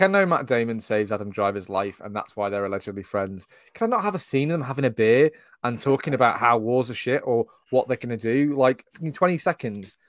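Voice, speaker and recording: Guy on a movie podcast, sweary and fired up, dry close sound, middle pitch. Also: no room sound. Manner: profane, ranting, animated asides. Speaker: podcast co-host. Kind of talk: casual film-review chat.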